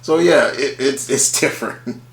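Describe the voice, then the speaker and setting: A man's voice: medium pitch, a little slow, creaky, roomy sound. A man casually talking through a ranked list of favourite cartoon characters, rambling and restarting often, with casual swearing. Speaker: channel host ranking cartoon characters.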